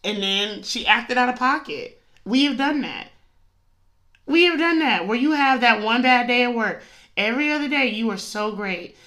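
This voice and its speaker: A woman's voice: a little high, expressive, moderate pace, bright, forceful tone. A woman hosting a devotional podcast, chatting casually and animatedly, often breaking into laughter. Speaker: podcast host.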